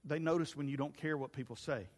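A male pastor preaching an animated sermon, swinging from shouts to hushed asides. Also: on the high side, quick pace. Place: church sanctuary. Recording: long church reverb.

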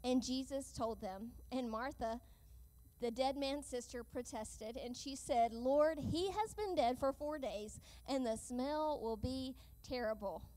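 In a high yet dark-toned voice, a woman preaches an earnest sermon at a measured pace. She eases off the speed to stress key lines.

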